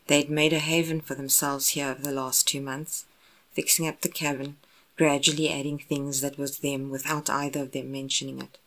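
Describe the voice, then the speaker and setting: A woman with a low voice reads romance fan fiction aloud. Her narration is even and unhurried, with a steady storytelling pace. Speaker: audiobook narrator.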